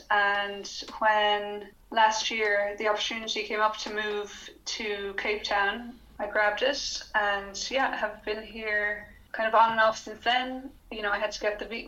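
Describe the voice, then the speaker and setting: A woman in her thirties from Ireland with an Irish accent, a podcast guest telling her story in an easygoing, relaxed way. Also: medium pitch. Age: 30s. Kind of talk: casual conversation. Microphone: video call. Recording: dull, echoey video call audio.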